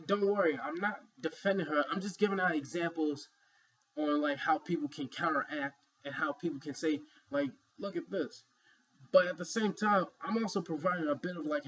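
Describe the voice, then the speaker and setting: A man's voice: on the high side, breathy edge, lo-fi sound. A man giving an emphatic, rambling opinion commentary, filled with "you know" asides. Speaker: vlogger.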